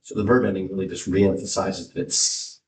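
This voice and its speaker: A man's voice: deep voice, little pitch movement, brisk, a little mellow, slight background noise. A male student asking short questions in a class. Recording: roomy, far from the mic.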